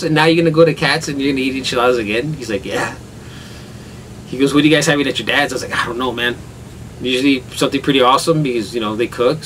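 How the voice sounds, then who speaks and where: A man's voice: medium pitch, sharp tone, recorded from a distance, a little hiss or hum, rough recording. A man telling a rambling story at home in a casual vlog, with rain falling outside. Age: adult father with a son. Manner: rambling, laughs hard at his own story. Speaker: vlogger.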